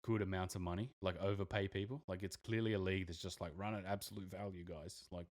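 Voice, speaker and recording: A man's voice: sits low, little pitch movement, fast talker. A young Australian man co-hosting a podcast, talking casually with lots of fillers and restarts. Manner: rambling, many fillers and restarts. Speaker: podcast co-host. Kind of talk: casual chat.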